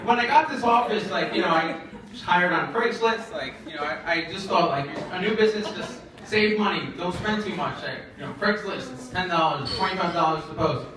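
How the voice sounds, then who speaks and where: A young man doing a stand-up comedy set, telling stories in a rambling, halting way full of fillers, with an audience laughing. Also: high voice, crowd noise. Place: comedy event in a shared office space. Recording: echoey room from far off, audience laughter.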